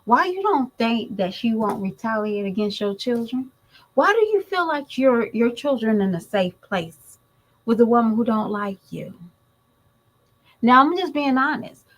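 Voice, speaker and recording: Blunt, unhurried woman giving her commentary. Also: a little high, very animated, poor audio. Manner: blunt, emphatic, talks straight to the viewers. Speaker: mother and YouTube commentator. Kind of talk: opinionated commentary vlog.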